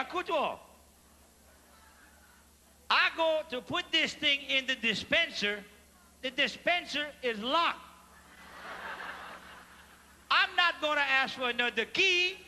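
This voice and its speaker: Cajun man, stand-up comic, very high voice, live theater hall reverb, faint crowd ambience. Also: unhurried, pauses often, a little hiss or hum. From Louisiana. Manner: animated, mixes Cajun French phrases, asks audience questions. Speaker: stand-up comedian. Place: large theater stage before a live audience.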